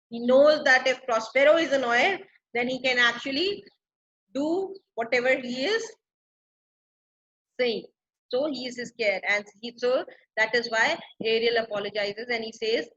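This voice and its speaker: A woman's voice: a little high, fairly bright tone, highs cut off. A woman teacher explaining a play line by line, paraphrasing and repeating each phrase for clarity. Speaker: English literature teacher.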